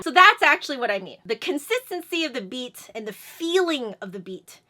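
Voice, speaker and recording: Bright, chatty woman music teacher. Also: sits high, brisk, few pauses. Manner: explains then sings syllables to demonstrate beats; chatty and energetic. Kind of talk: instructional video lesson.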